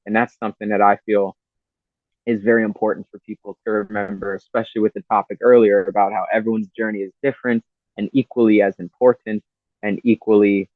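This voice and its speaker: A man's voice: on the low side, dry recording. Man talking spirituality over a tinny line. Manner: earnest, rambling, peppered with "you know" and "man". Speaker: podcast guest. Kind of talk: spiritual talk in casual interview.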